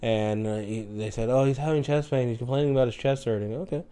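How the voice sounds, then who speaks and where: A man's voice: medium pitch, fast talker, smooth. A man hosting a casual podcast chat as an EMT, telling work stories with lots of swearing and laughter. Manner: animated storyteller, acts out calls, swears, laughs often.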